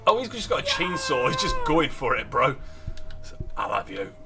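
A man in his thirties, a dad hosting a family gaming channel, giving joking, excitable commentary. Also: mid-range voice, normal speed. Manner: joking, excitable, bursts into laughter. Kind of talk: casual gameplay commentary. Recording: background music.

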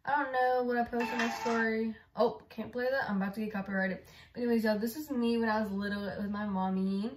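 A woman's voice: fairly high pitch, steady tone, quick pace, noisy background. Chatty young woman vlogging, roomy sound. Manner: chatty, rambling, lots of fillers. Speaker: YouTuber. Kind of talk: casual vlog chat. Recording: roomy with background music.

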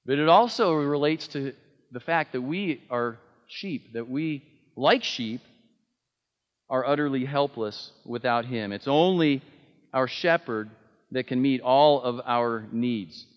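A man's voice: mid-range voice, slow pace, in a large hall, highs cut off. A man preaching a sermon, earnest and emphatic, with frequent fillers and restarts. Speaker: pastor.

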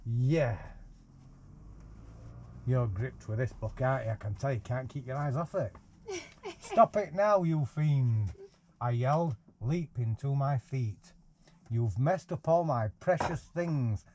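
A man's voice: medium pitch, a little mellow. A man reads a picture book aloud to a baby in a caravan, breaking off for playful, teasing asides. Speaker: parent reading to a baby. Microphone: 360 VR camera.

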